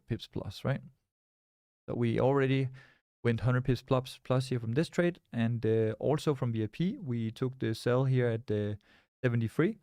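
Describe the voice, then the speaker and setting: Young man, loose rambling stream talk, gravelly edge, dry close sound. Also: medium pitch, dark tone, dry recording. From Scandinavia. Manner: rambling, repeats words and restarts, reads chat aloud. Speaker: live-stream trader. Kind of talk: casual live-stream chat.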